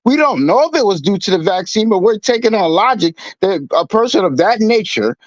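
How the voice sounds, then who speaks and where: A man debating on a call, calmly pushing back and arguing that everyone is only speculating. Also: sits high, no echo. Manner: measured, pushes back calmly. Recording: dull call audio.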